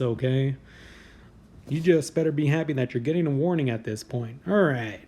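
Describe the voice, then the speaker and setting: A man's voice: mid-range voice, normal speed, warm tone. A man hosting a comedy news podcast, riffing on headlines in a casual, crude, sarcastic way. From United States. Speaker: podcast host.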